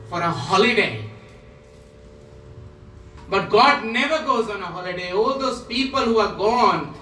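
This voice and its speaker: A man speaking as a guru, giving a spiritual talk in slow, repetitive, emphatic phrases. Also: high voice, bright, forceful tone, a little hiss or hum. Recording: roomy echo, voice from a distance.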